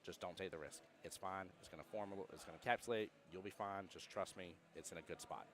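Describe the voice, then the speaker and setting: A man's voice: low-pitched, fast, fairly bright tone. A man commentating a pool match with a co-host in a pool hall, telling stories casually with many restarts. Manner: rambling storyteller, many restarts.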